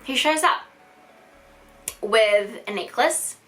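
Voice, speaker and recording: A 25-year-old vlogger with a New Zealand accent tells a personal story to camera in a candid storytime monologue. Her voice is a little high, expressive, and a bit bright, and she takes it slowly, staying frank and chatty with heavy use of "like."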